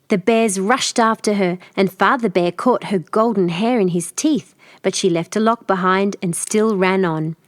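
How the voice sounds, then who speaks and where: A woman with an American accent calmly narrating a fairy tale as a storyteller. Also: mid-range voice, no echo, clean studio sound. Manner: gentle, even storytelling.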